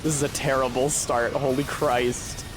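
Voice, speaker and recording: A man's voice: mid-range voice, flat delivery, measured pace, background noise. A man streaming a game live, cursing and mocking himself as he plays. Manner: profane, self-mocking, exclamatory. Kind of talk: live gameplay commentary.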